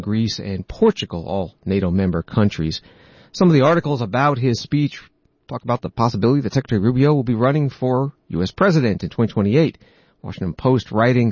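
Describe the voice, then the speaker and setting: A man hosting a news program, reading out reports and quoting articles in a measured way. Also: on the low side, a little mellow, dry recording, lo-fi sound. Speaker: news host.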